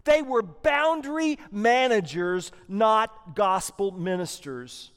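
A man's voice: sits high, animated, takes it slowly, a bit bright, clear, resonant tone, long reverb tail. A man preaching a sermon, emphatic and rhetorical, with punchy repeated lines.

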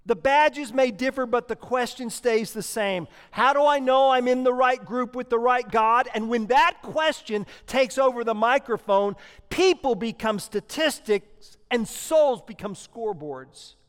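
A man's voice: very high-pitched, unhurried, clear, resonant tone, long reverb tail. A man preaching a sermon, emphatic and rhetorical, with punchy repeated lines.

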